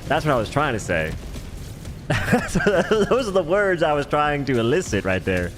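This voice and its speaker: A man's voice: fairly high pitch, big pitch swings, normal speed. A man streaming a game live, rambling and joking in casual chatter as he answers viewers' chat.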